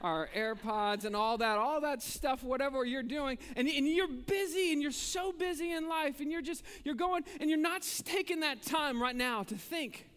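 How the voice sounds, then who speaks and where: A man preaches in a high, ringing voice that carries through a large hall with a long trailing reverb. He talks conversationally to the congregation. He pushes hard on key points, then drops low and quiet. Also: normal speed, hardly any pauses. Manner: conversational preaching, swinging between emphatic and hushed. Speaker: pastor. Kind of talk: sermon.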